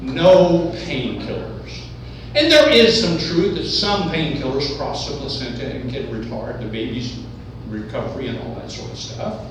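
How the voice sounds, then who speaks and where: Animated man telling stories. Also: mid-range voice, normal speed. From Oklahoma. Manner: animated, playfully exaggerating. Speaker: storyteller. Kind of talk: live comic storytelling. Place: event hall, indoors. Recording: echoey hall, distant mic, background noise.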